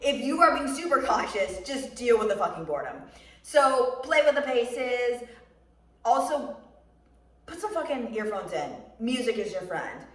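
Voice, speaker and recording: A young American woman vlogging about running, talking bluntly and swearing freely as she tells animated stories. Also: a little high, a little slow. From United States. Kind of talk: casual chat. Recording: roomy sound, mic somewhat distant.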